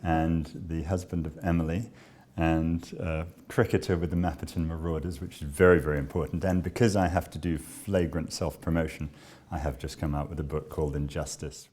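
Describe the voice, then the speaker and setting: A man who directs a charity, telling a personal story in a measured, understated way with frequent pauses. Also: a bass voice, fairly even intonation, a little mellow.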